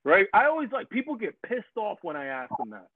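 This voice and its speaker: Animated man on a tinny phone line. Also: high-pitched, fairly quick, husky, no room sound. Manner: animated, rambling, repeats words, mimics others in quotes. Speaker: podcast host. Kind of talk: casual podcast chat. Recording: dry phone-like audio.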